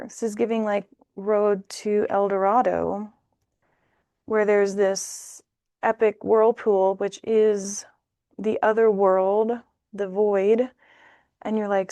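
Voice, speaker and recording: Woman, tarot reader, casual and chatty, animated delivery, dry close recording. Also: mid-range voice, takes it slowly, smooth, dry recording. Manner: chatty, animated, acts out little voices. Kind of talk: casual tarot reading to camera.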